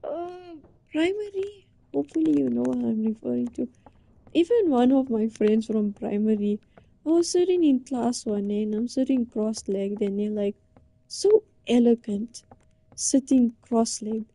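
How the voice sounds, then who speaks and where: A woman's voice: fairly high pitch, lively intonation, moderate pace, gravelly, mellow. A young woman from Britain chatting casually and rambling in a giggly, playfully flustered way. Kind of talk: casual chat to a listener. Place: indoors, under a blanket.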